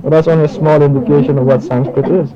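Halting man lecturing on tape. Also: a little high, fairly even intonation, dull audio, a crowd in the background. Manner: halting, with frequent restarts and fillers. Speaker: spiritual teacher. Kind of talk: informal lecture with audience questions.

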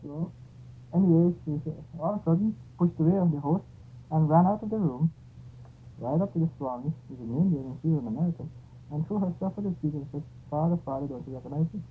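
A man's voice: a little high, fast. Guy rambling thru a story, fixes himself a lot, sounds like an old phone line w/ light hiss. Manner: rambling, conversational, with restarts. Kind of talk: spoken anecdote. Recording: tinny phone-like audio with faint noise.

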